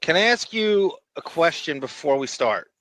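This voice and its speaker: A man's voice: a little high, sing-song, normal speed, fairly bright tone, no room sound. A man co-hosting a podcast in casual chat, playful and giggly, often breaking into laughter. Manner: giggly, playful, bursts into laughter and silly voices. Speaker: podcast co-host.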